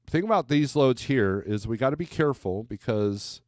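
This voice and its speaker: A man's voice: medium pitch, expressive, moderate pace, a little mellow, no echo, clean studio sound. A man hosting a casual livestream as a trucker, rambling through freight loads, reading viewer comments aloud and tossing in wry asides.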